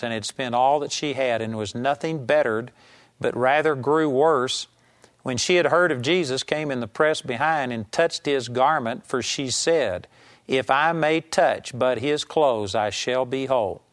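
A man teaching a sermon series on healing, talking in a conversational, emphatic way and reading scripture aloud slowly. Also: medium pitch. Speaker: Bible teacher.

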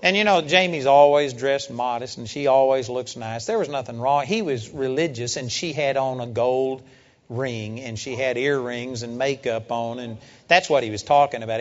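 A man preaching a sermon, emphatic, building up to loud rhetorical questions. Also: mid-range voice. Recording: dull lo-fi sound with long hall reverb.

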